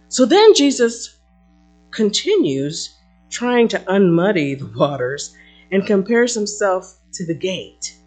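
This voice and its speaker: A woman teaching a Bible passage in a lively, conversational way, breaking into playful asides. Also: on the low side, slightly rough.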